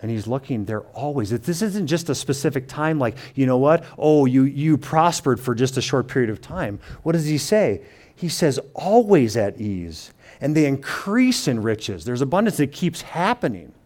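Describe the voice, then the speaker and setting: A man's voice: mid-range voice, expressive. Man preaching, restarting as he thinks. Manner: thinks aloud with restarts and paraphrased quotes; reads scripture slowly and quietly. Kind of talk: sermon teaching.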